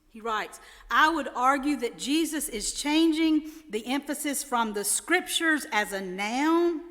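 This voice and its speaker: A woman pastor preaching a sermon in a measured way, lifting her voice to stress quoted words. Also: on the high side, a bit bright. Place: large church sanctuary. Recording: long church reverb.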